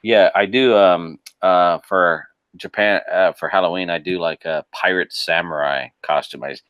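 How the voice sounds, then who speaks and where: A man with a very low voice, talking in a casual podcast chat. He is animated, laughs often and restarts his sentences. The sound is dry and close. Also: normal speed, smooth, dry recording, lo-fi sound. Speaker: podcast guest.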